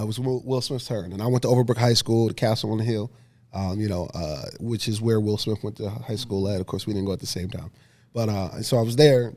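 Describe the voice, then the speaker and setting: Lively low-voiced man telling a story. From Philadelphia, USA. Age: 30s. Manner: lively, laughing storyteller who acts out scenes. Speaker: podcast guest. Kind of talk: casual storytelling interview.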